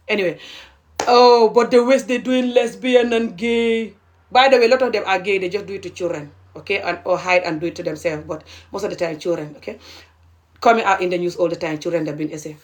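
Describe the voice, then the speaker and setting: A woman's voice: fairly low pitch, fast talker. A young adult woman from Gambia giving heated, indignant social commentary to camera, pressing each point with a repeated "okay?". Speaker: video creator.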